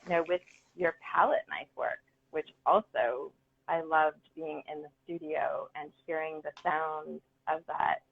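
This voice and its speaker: A woman's voice: sits low, unhurried, gravelly, breathy edge. A woman artist talking earnestly and enthusiastically about her work in a casual conversation. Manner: earnest, enthusiastic, many ums. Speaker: guest artist. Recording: phone-like call audio.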